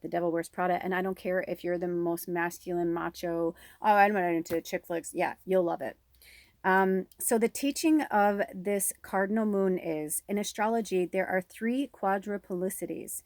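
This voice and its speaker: A woman's voice: on the low side, a little mellow, dry recording, clean studio sound. A middle-aged woman giving a casual spiritual card reading, chatty and frank, swearing now and then and acting out quarrels. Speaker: tarot reader.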